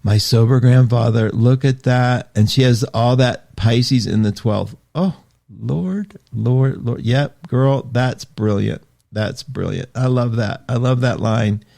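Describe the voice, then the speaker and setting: A middle-aged man hosts a casual astrology live stream, chatting freely and reading viewer comments aloud. His voice sits in a middle pitch with a gravelly fry in it. He talks in an animated way, his pitch jumping up and dropping low, and he laughs often. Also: unhurried, few pauses. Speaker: astrology show host.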